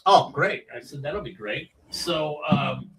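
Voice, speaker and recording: A comedian telling animated stories from his years on the comedy circuit, acting out the voices of people in them. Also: a little high, slow pace, gravelly, far from the mic, rough recording. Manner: animated storyteller, acts out quoted voices. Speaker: comedian guest. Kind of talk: casual storytelling.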